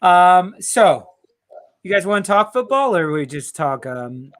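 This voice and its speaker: A man co-hosting a football fan show over a video call, joking, animated and laughing often. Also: high-pitched, unhurried. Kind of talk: casual banter on a live video show.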